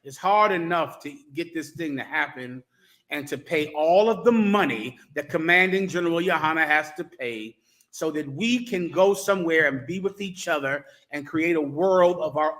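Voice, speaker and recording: A stern male preacher delivers a scolding sermon in a high, bright, sharp voice. He is blunt and crude, and he hammers his warnings home. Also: moderate pace.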